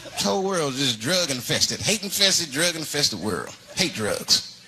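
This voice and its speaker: A man doing stand-up comedy, telling a story in an animated way and acting out the voices. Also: on the high side, a little slow. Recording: loud crowd noise of a live stand-up show.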